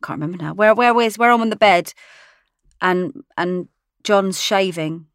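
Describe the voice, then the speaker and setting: A woman's voice: mid-range voice, normal speed, clear, resonant tone, no echo, studio quality. A woman, an actress, chatting in an interview, laughing often as she tells stories. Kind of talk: casual interview chat.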